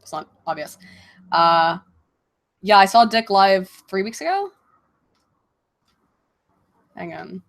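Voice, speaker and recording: Woman streamer, mid-pitched, just over a cold, loose and profane, laughs a lot. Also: animated, slow pace, long pauses. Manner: laughs often, swears freely, loose and offhand. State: coming out of a cold, clears throat. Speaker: streamer answering viewer questions. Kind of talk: casual livestream chat.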